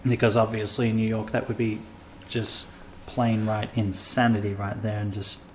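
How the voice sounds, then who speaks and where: A man's voice: on the low side, little pitch movement, normal speed, darkish tone, a little hiss or hum. A man hosting a casual comedy podcast, rambling and self-mocking as he tells a travel story. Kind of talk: casual chat.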